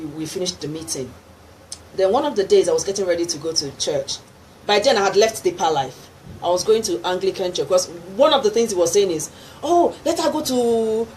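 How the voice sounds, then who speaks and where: The speaker is a middle-aged Nigerian gospel singer whose lowish voice has a darkish tone. Interviewed in a radio studio, she relates her testimony with lively storytelling, laughter, and acted-out voices of others in the tale. The audio quality is poor, and faint background noise can be heard.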